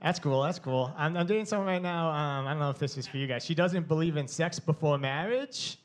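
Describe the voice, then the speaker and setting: A man's voice: fairly high pitch, a little fast. A young man with a Long Island accent doing a brash, profane stand-up set. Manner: brash, swears often, animated. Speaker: stand-up comedian.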